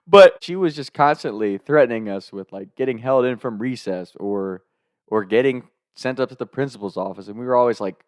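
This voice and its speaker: A young man telling a story from his school days in a casual, animated way, acting out what people said, with sudden loud outbursts. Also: mid-range voice, a little fast, dry recording, studio quality.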